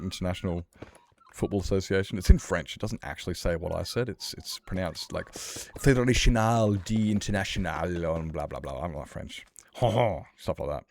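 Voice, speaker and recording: A man's voice: deep voice, creaky, a little mellow. A man streaming a survival game, chatting with viewers in a worked-up, playful rant. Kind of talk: casual live-stream chat.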